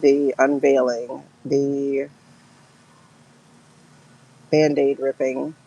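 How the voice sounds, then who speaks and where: A woman's voice: rumbling low, flat delivery, drawn-out words, dark tone, breathy edge, highs cut off. A woman giving a livestream tarot and pendulum reading, talking to her viewers in an emotional, exclaiming way.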